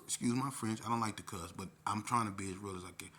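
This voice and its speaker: A man telling a personal story in a casual, animated way, with lots of profanity. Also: on the low side, fast talker.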